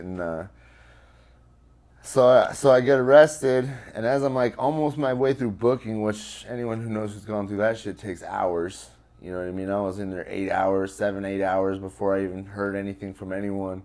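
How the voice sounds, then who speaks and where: Low-voiced man telling a rough story. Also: a little mellow. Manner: loose and profane, many fillers. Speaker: interview guest. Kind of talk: casual storytelling.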